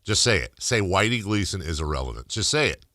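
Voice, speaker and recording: Animated, teasing sports radio host man. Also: low voice, brisk, no room sound, studio quality. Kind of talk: casual radio banter.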